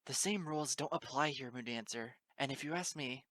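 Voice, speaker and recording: A man's voice: mid-range voice, fairly quick, fairly bright tone, no echo, voice pushed up, lightly acted, poor audio. A man reading the part of an uptight, bookish young female pony librarian who scolds in a prim, exasperated way. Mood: scolding. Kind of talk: amateur audiobook reading.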